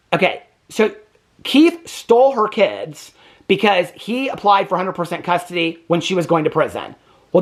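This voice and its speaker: A man delivers heated commentary on a documentary, his pitch swinging widely as he pushes each point. He talks in an indignant, emphatic way and keeps stressing his lines with a pointed "okay?". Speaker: TV reaction host. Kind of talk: opinionated commentary.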